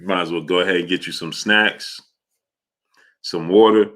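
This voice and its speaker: A deep-voiced man, hosting a live sports show. His tone is bright and forceful. He rambles casually and greets chat viewers one by one. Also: fairly even intonation, normal speed. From New York. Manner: rambling, greets chat viewers by name, many filler sounds.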